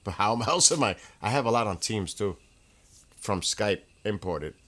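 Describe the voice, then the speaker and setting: Male stream host, slightly low voice, rambling excitable storyteller chatting casually at home. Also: a little slow. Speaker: livestream host. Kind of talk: casual chat.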